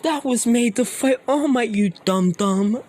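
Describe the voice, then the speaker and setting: A man doing Shigaraki, a shrill mocking villain. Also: measured pace. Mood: taunting. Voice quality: high, taunting, shouty. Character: sneering male villain, mocking and cruel.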